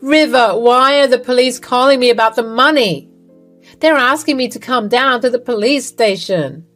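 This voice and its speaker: A woman's voice: fairly high pitch, animated, measured pace, soft background music, pitched above the performer's own voice. A woman voicing a scheming older mother-in-law, speaking in an indignant, denying way. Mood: panicked.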